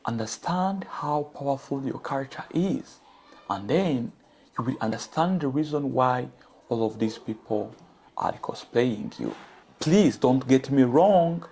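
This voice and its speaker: A man's voice: medium pitch, expressive, a little slow, a little mellow, breathy edge. Earnest African man addressing viewers. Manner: earnest, preachy, directly addressing the audience. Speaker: commentary channel host. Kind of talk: commentary monologue to viewers.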